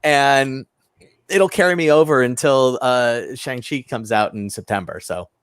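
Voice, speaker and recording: A man's voice: medium pitch, fairly bright tone, smooth, no echo. Blunt opinionated male movie podcaster. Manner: blunt, opinionated, halting restarts. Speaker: podcast co-host. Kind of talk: casual movie review chat.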